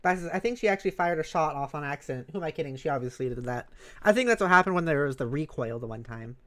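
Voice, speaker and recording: A woman's voice: low-pitched, animated, fast, a bit bright. A woman giving playful, giggly commentary while she plays a video game, with lots of sound effects. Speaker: let's play streamer. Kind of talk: casual gameplay commentary.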